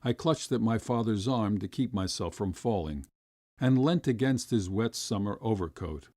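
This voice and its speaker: A man reading a classic short story aloud as an audiobook narrator, with expressive storytelling. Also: moderate pace, no echo, clean studio sound. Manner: expressive storytelling, rising high for quoted voices.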